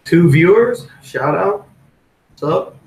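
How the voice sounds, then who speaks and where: A man's voice: sits high, animated, takes it slowly, creaky, a little mellow, roomy sound, rough recording. A man hosting a live crypto stream in a casual, rambling way, with plenty of fillers and restarts. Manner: rambling, loose, with many fillers.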